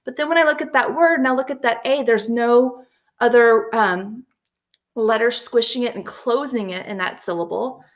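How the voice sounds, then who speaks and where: A woman teaching young children a phonics lesson, patient and encouraging, slowly sounding out letters and words. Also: fairly high pitch. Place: at home with a whiteboard.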